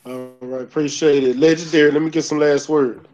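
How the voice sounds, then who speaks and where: Chill host guy passing the mic on a boxing stream, slightly high voice. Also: steady tone, fairly quick, a little mellow, muffled recording, faint music behind. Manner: laid-back, calls on each guest. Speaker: host of online boxing panel. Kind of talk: casual live stream hosting.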